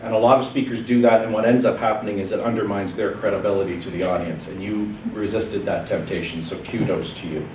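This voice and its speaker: A man giving an encouraging, measured evaluation of a speech at a club meeting, pausing deliberately between points. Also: on the low side, fairly even intonation. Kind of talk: prepared feedback speech. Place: meeting room, speaking at a lectern. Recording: roomy, distant, faint background hiss.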